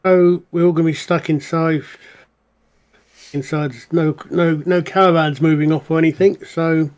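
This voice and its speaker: A man playing a tabletop game with a slightly high voice. He hesitates and thinks aloud while he works out the rules for his character. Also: fairly even intonation, normal speed, a little mellow, clean tone. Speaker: player. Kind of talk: casual tabletop play.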